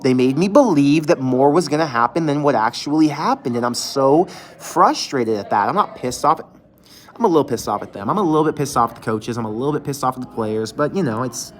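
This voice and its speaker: A man at an ordinary middle pitch hosts a livestream for his fan channel, sitting in an empty, closed restaurant. He vents candidly and sounds fed up, with casual swearing throughout. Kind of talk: livestream venting reaction.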